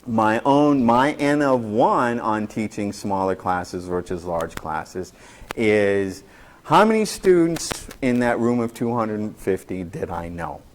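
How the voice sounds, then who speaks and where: A man who teaches college, telling classroom stories to colleagues in an animated way, acting out quotes and often restarting his sentences. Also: on the low side, takes it slowly, a little hiss or hum. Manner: animated storyteller, acts out quotes, many restarts. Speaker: college instructor. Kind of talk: faculty talk with anecdotes.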